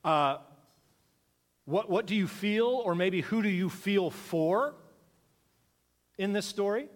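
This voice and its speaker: Pastor, male, chatty sermon delivery, slightly high voice, long reverb from a big room. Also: animated, slow pace. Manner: conversational, asks the congregation questions.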